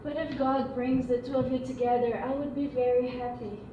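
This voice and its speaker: An actress playing a gentle elder sister, soothing and earnest in stage acting, recorded from a distance in an echoey room. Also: female voice, sits high, steady tone, fairly quick, dull audio, noisy background, natural voice.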